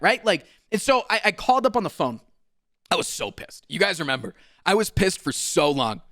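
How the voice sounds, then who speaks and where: A man's voice: sits high, animated, normal speed, pushed and bright, soft background music. A man telling a story as a streamer, exasperated and swearing, often mocking the people involved. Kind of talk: animated storytime rant.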